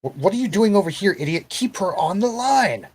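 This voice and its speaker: A man's voice: sits high, sing-song, brisk, husky, voice pushed up, full character voice. A man voicing a male federal agent who barks short orders. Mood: brusque. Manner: barking orders. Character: gruff male federal agent, curt and commanding.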